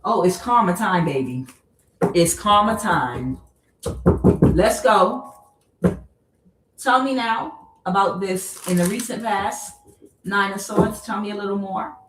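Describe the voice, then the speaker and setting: A woman giving a casual tarot reading, blunt and profane, breaking into joking, animated rants. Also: medium pitch, takes it slowly, pauses often, recorded from a distance. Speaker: tarot reader. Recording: echoey room, voice away from the mic.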